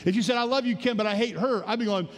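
A man's voice: extremely high pitch, very fast, in a large hall. A man preaching a sermon as pastor, telling stories with acted-out quotes and joking with his congregation. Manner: animated storytelling, acting out voices in quotes. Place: church sanctuary.

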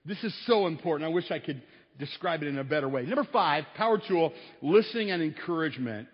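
A man's voice: on the high side, quick pace, breathy edge, long reverb tail, highs cut off. A man preaching a sermon to his congregation, folksy and storytelling, with asides and small laughs. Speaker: pastor. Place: church sanctuary.

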